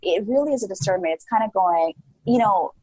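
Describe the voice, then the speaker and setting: Chatty husky woman in her forties. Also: mid-range voice, brisk, dry recording, rough recording. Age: 40s. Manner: animated, chatty, many "like" fillers, acts out her own past thoughts. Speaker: podcast guest. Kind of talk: casual interview chat.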